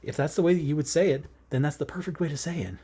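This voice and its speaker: Stitching in bed at home, a male cross-stitch vlogger chats casually in a rambling, earnest way, full of fillers and self-corrections, and laughs often as he talks. His voice is on the high side, mellow and slightly rough, and he races along.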